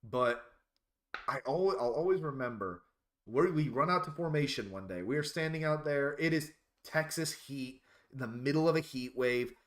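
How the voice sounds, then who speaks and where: A man's voice: medium pitch, lively intonation, moderate pace. A man casually telling rambling stories on a live stream, laughing at his own tales.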